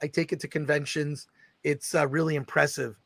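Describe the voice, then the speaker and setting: Middle-aged guy hosting a livestream, high voice, dry close mic, chatty and excitable. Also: moderate pace, gravelly, no echo. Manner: excitable, reads viewer super chats aloud. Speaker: host. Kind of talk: casual livestream chat.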